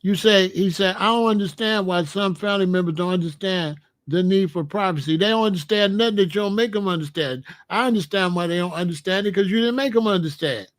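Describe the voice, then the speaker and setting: A man's voice: sits high, fairly quick, hardly any pauses. A man hosting a casual talk show and giving blunt, joking advice on marriage, acting out little scenes as he goes. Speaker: host.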